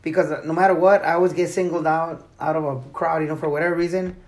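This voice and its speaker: A man with a high voice for a man talks fast in a laid-back, self-deprecating way. He hands out easygoing advice in casual conversation. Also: steady tone. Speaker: friend in group chat. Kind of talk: casual chat.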